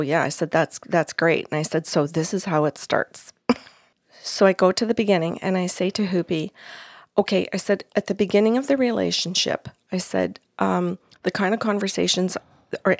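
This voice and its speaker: A woman medium chats casually as she retells a session, slipping in and out of quoted dialogue. Her voice sits a little low, and the sound is close and dry, with no room around it. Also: no echo. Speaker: psychic medium. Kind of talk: casual storytelling chat.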